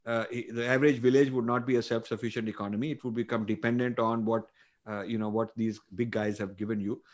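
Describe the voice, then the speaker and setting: A man's voice: mid-range voice, flat delivery, quick pace, darkish tone. Emphatic older man with Indian accent. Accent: Indian English. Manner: emphatic, repeats phrases, many fillers. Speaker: author and guest. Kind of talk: interview answers.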